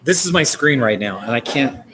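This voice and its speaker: A US man in his forties hosts a laid-back live stream, answering viewers with plenty of laughter and a voice that jumps up in excited moments. His voice is mid-range and his speed normal. Soft music plays behind him, and the recording is rough.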